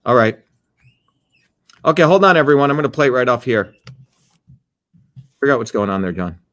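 A man hosting a heated political monologue, scornful and combative, breaking off to give quick instructions to a producer. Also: mid-range voice, expressive, a bit bright. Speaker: political host.

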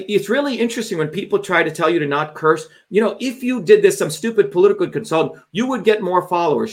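A man's voice: sits high, fairly bright tone. A man hosting a live show, delivering a combative, profanity-filled political monologue and speaking straight to his viewers. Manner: emphatic, addresses viewers directly.

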